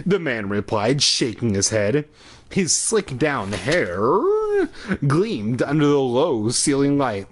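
Slow and husky, this man's medium-pitched voice is expressive as he reads a children's horror book aloud for comedic effect. He drinks along the way and keeps stopping for profane, mocking asides.

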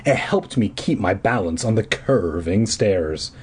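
A man's voice: lowish voice, animated, a little slow, a little mellow, husky. A man casually reading a children's scary book aloud, breaking off for crude jokey asides.

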